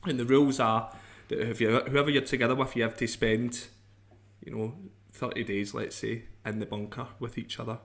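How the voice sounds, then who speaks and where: A man's voice: medium pitch, little pitch movement, normal speed, a bit bright. Man teasing on a podcast. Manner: teasing, laughs often, says "mate". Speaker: podcast co-host. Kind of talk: casual chat.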